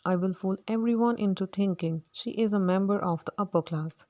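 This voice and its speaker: A woman reading the part of an arrogant male phonetics professor, brisk and dismissive, in a read-aloud play. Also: medium pitch, a little mellow, natural voice. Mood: lordly.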